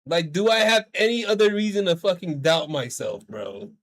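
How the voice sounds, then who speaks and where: A man's voice: sits high, lively intonation, normal speed. A man streaming a game and chatting casually, venting in a rambling, profane way. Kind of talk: casual livestream chat while gaming.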